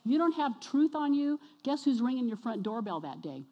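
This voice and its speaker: High-voiced woman preaching in a reverberant church. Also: moderate pace, muffled recording. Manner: energetic, exhorting, questions the congregation. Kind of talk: sermon. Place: church sanctuary. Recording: long reverb of a church hall.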